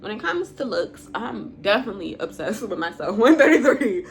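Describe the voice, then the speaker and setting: A woman's voice: medium pitch, big pitch swings, moderate pace, gravelly, a little hiss or hum. A woman telling a personal story in a storytime vlog, blunt and profane, emotional, breaking into laughs now and then.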